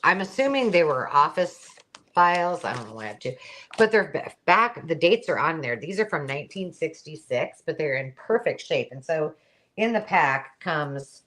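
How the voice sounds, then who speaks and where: A woman's voice: deep voice, very animated, normal speed, a bit bright. A middle-aged woman hosting a live craft supply sale, chattily describing each item as she handles it. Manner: chatty, describing items while handling them. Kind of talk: live selling chat.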